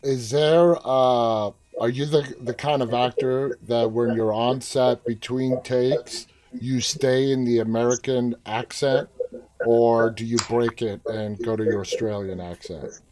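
A man's voice: medium pitch, fairly even intonation, unhurried, darkish tone. Man, interview host, eager questions, casual chat, restarts mid-sentence.

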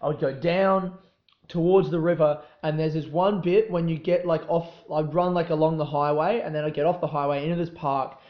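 A young Australian man talks through a solo podcast in a loose, profane, self-deprecating ramble, forever drifting off into tangents. His voice sits a little high for a man. The recording sounds roomy and slightly dull. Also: fairly even intonation, fairly quick. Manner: rambling, profane, self-mocking, easily sidetracked. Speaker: podcast host. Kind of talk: casual solo podcast chat.

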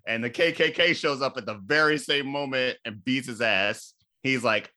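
A man casually recapping a movie for a comedy podcast, animated and laughing, with sudden high-pitched outbursts. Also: moderate pace, few pauses, no echo, studio quality.

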